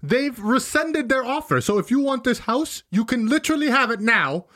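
A man playing a hard-selling male realtor with a put-on New Mexico accent, rushing his words and interrupting people, pitching his voice up and down in a lively, animated way; an improv comedy bit. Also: full character voice. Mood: pushy. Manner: rapid, salesy, interrupting. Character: pushy fast-talking male realtor, overeager.

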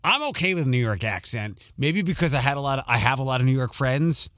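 A man's voice: medium pitch, a little fast, fairly bright tone, dry recording, studio quality. A male radio host with a light Philadelphia accent, rambling through a casual monologue with plenty of ums and restarts. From Philadelphia area.

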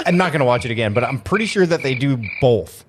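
Opinionated man with lively pitch. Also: fast, background noise. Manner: opinionated, stammering restarts. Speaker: podcast co-host. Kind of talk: casual review chat.

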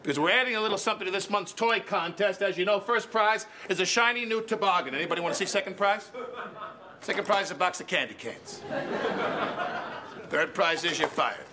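A man's voice: high voice, brisk, bright, forceful tone. An actor playing a ruthless male elf sales boss from head office, barking insults at the workers in a comedy sketch. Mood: berating. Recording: played clip with clear background noise.

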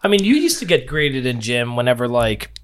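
A man's voice: mid-range voice, big pitch swings, brisk. A man who served in the Marines, chatting casually and profanely in a rambling way. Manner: laid-back, profane, rambling. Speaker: former Marine. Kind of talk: casual chat.

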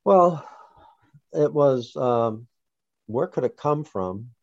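Gravelly-voiced man telling a story. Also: mid-range voice, expressive, a little mellow, no echo, highs cut off. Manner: storytelling, halting with restarts. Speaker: interview guest, father. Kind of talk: recounting a personal story.

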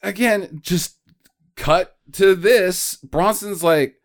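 A man's voice: high-pitched, drawn-out words. A man co-hosting a casual movie-review chat, giggling often as he retells scenes with joking asides. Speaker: podcast co-host.

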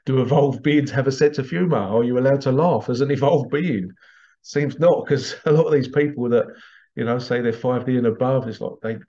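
A man's voice: medium pitch, fairly quick, warm tone. Rambling man with a dull lo-fi sound. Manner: rambling, chuckling, acts out bits in funny voices. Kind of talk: casual monologue. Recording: slightly dull lo-fi audio.

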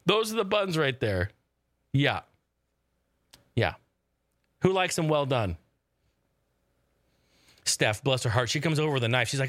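A man's voice: on the high side, very animated, a little fast, long pauses, fairly bright tone, no echo. A man casually telling a funny family story, swearing a lot and acting out the voices of the people in it. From family from Oregon. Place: home in the desert.

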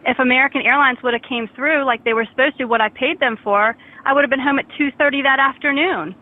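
A woman's voice: high voice, fast talker. An indignant woman on a phone call, defensive and stumbling over her words as she complains. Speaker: prank call target. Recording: tinny phone line.

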